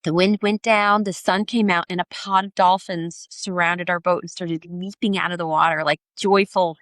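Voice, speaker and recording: A middle-aged woman, a podcast guest, telling her story in a lively way and acting out the voices of the people in it. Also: on the low side, normal speed, no room sound. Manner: animated, acts out quoted voices. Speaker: podcast guest, sailor and author. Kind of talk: storytelling in an interview.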